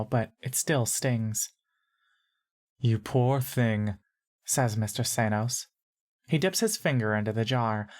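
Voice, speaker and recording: A woman narrating a story in second person in a calm, measured way. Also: very deep voice. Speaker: audiobook narrator.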